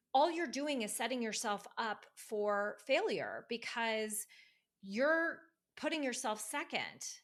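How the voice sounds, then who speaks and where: A woman speaking as a divorce recovery coach in a casual podcast conversation, emphatic and animated, acting out quoted voices. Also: on the high side. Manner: emphatic, fired up.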